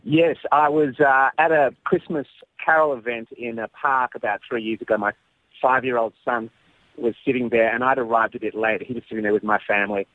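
A man calling in to a radio show, telling a story in an animated way. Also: mid-range voice, a little fast, no room sound. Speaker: caller. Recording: muffled phone line.

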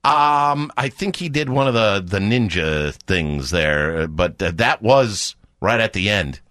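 Brief: chummy male radio host, lively delivery, dry studio sound. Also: on the low side, slow, no room sound. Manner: upbeat, chummy with callers. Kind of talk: radio call-in quiz.

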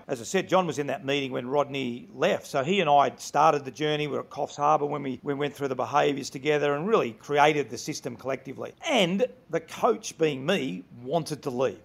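Gravelly middle-aged Australian man. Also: on the high side. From Melbourne, Australia. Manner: candid, anecdotal, frequent restarts. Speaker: former football coach, guest. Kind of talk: conversational interview storytelling.

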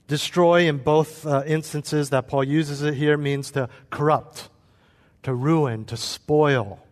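A man's voice: on the high side, steady tone, slow. Male pastor preaching in a reverberant hall. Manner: preaching, acts out quoted voices. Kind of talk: sermon.

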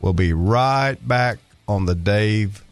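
A man's voice: lowish voice, takes it slowly, soft background music. Folksy older man hosting talk radio. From Arkansas. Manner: rambling, folksy, many filler words. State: slightly out of breath. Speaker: guest radio host. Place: radio studio.

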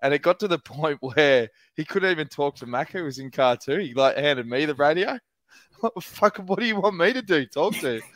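A man on a cycling podcast, telling a heated team-car story in excitable, sweary casual chat. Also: fairly high pitch, brisk, no echo. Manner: excitable and sweary, laughs often. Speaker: podcast co-host.

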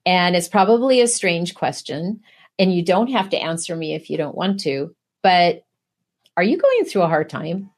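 A woman's voice: lowish voice, animated, moderate pace. A middle-aged woman giving an earnest preaching testimony, pressing her listeners with rhetorical questions. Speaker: guest speaker.

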